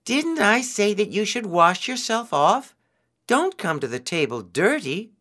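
A man voicing a greedy, bossy male spider trickster in a storybook tale, speaking high and loud. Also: sing-song, takes it slowly, exaggerated voice. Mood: scolding. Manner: shrill, scolding, loud.

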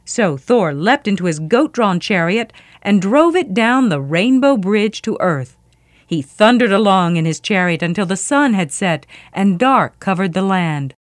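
Woman reading a myth aloud, lively pitch, dry close sound, expressive. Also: a little slow, no room sound. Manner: expressive storytelling. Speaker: storyteller.

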